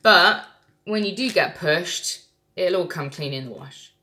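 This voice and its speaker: A woman's voice: lowish voice, lively intonation, unhurried, pushed and bright. A woman giving a casual tarot reading, blunt and lecturing, who swears freely. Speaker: tarot reader.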